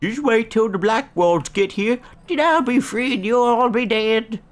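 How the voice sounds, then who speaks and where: A man's voice: very high-pitched, a little slow, voice pushed up. A man voicing a spiteful male prisoner who sneers threats in a raised voice.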